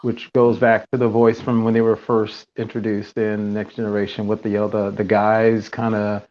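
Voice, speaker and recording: A man co-hosting a casual fan podcast, talking with animated enthusiasm and laughing often. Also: lowish voice, normal speed. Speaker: podcast co-host. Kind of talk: casual chat. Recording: dull lo-fi sound.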